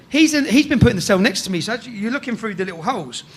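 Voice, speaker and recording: An English man telling a rough story in casual chat, swearing freely and tagging sentences with "yeah?". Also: high voice, lively intonation, fast talker. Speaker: guest storyteller.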